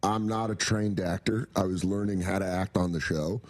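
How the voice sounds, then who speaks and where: A man, a comedian and actor, telling animated, laughing stories as a guest in a casual interview. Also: low-pitched, moderate pace.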